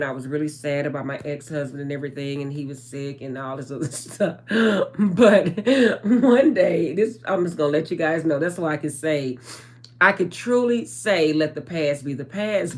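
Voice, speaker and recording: Chatty woman doing a spiritual vlog. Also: low voice. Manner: chatty, addresses viewers as guys, trails off with um. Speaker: spiritual channeler. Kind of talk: casual spiritual vlog talk.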